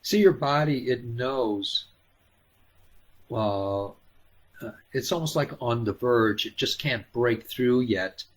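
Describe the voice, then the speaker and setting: A man hosting a live healing stream, talking gently and haltingly with many fillers, coaxing viewers by name. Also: medium pitch. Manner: coaxing, addresses viewers by name and calls them hon. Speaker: spiritual healer hosting a live Q&A.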